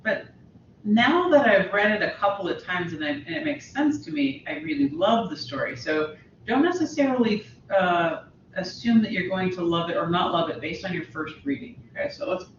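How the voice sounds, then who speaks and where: A woman's voice: medium pitch, animated, moderate pace, slight background noise. A woman teaching a college literature class, talking casually to her students with many fillers and restarts. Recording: roomy, distant, dull lo-fi audio.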